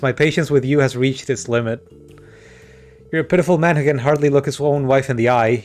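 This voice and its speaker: A fed-up middle-aged wife, read by a man, speaks in a cool, measured way. She scolds her husband plainly in a video game scene, with no raised voice. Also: medium pitch, close to an everyday voice.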